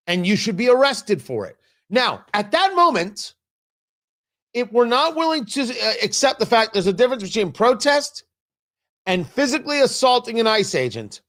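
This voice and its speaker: A man's voice: extremely high pitch, a bit bright. A male talk show host, delivering a combative opinion monologue and hammering his points with repetition. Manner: emphatic, combative, repeating lines for stress.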